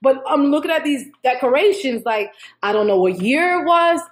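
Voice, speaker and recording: Young woman, high voice, rambling on about a dream, lots of restarts and acting out what people said. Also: moderate pace. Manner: rambling, animated storytelling with many restarts and quoted dialogue. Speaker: YouTuber sharing a prophetic dream. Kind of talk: casual spoken dream account.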